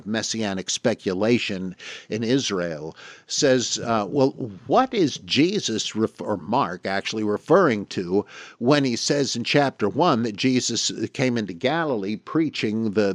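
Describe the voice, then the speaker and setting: Low-voiced man musing aloud, dry recording. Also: dry recording. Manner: halting, thinking aloud with many fillers. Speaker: podcast host answering listener questions. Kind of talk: casual talk, reading scripture and listener mail.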